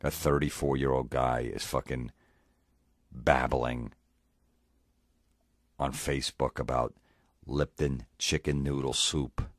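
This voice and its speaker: A man's voice: a bass voice, a bit bright, dry recording, clean studio sound. A male comedian ranting sarcastically, mocking and swearing. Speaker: comedian host. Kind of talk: comedic rant.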